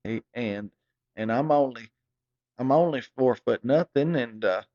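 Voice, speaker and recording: A man's voice: mid-range voice, a little slow, dark tone, no echo, close to an everyday voice. A man voicing a small, cocky male troublemaker with an easygoing coaxing drawl. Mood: defiant. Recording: dull, dry recording.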